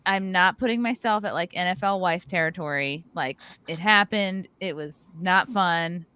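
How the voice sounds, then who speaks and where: A woman's voice: lowish voice, sharp tone, clear, resonant tone. Brash woman hosting a chat podcast. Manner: brash, frank, swears freely, quick to laugh. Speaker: podcast host. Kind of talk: casual panel chat, reading viewer comments aloud.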